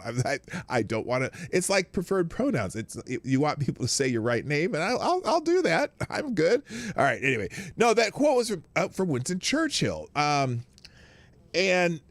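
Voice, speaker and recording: On a morning live stream, a man whose voice leans high talks at a moderate pace with no echo. His style is loose and lively: he says hello to viewers by name, one after another, and rambles in side comments.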